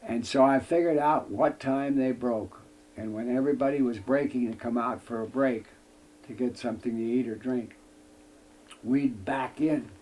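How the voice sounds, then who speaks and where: A man's voice: medium pitch, moderate pace, a little mellow, a little hiss or hum. An older man from the United States, a guest in an interview telling a long anecdote in folksy wording with frequent "I says" and acting out other people's lines. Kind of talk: storytelling anecdote.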